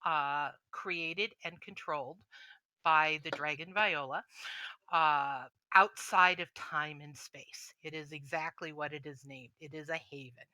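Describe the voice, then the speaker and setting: A woman narrating as game master, describing scenes with frequent pauses. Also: low voice, sharp tone, no room sound, rough recording. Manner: descriptive, hesitant with fillers.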